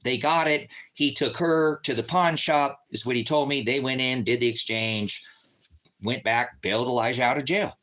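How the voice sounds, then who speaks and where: A man with a mid-range, slightly bright voice rants casually at normal speed, telling an angry personal story. He's agitated and profane, cursing as he acts out his arguments with other people in quoted voices, like a storyteller venting.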